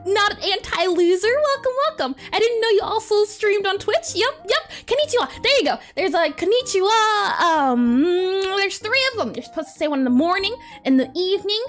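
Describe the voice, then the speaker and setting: Giggly girl streamer, super high voice, bounces all over in pitch, bit of music behind. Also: lively intonation, moderate pace, few pauses. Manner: bubbly, doubles greetings, giggles often. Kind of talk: casual livestream chat.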